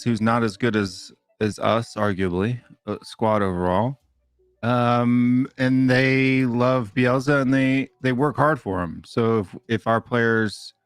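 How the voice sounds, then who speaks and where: A man hosting a laid-back call-in show, quick to agree and chatting loosely with his co-host. His voice sits mid-range and sounds dry and close, with faint music under him. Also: medium pitch, clear, resonant tone, no echo. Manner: agreeable, quick affirmations, animated impressions. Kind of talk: casual call-in chat.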